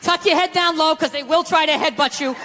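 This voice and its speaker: A man's voice: very high-pitched, a little fast, background noise. A middle-aged man doing stand-up, telling a story in an exasperated, profane rant full of "right?" asides. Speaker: stand-up comedian. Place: comedy stage before a live audience. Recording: live stage with hall reverb. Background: audience laughter.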